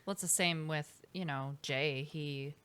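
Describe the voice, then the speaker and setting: A woman with a somewhat low voice co-hosts a casual podcast chat in a home basement studio. She talks in a chatty way and acts out what people said as she tells her stories. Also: steady tone, unhurried, fairly bright tone, clear, resonant tone. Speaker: podcast co-host.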